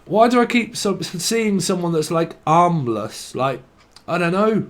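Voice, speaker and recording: A man's voice: sits high, very animated, measured pace, slight background noise. A man giving a tarot reading, rambling stream-of-consciousness style, swearing freely and laughing at himself. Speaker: tarot reader.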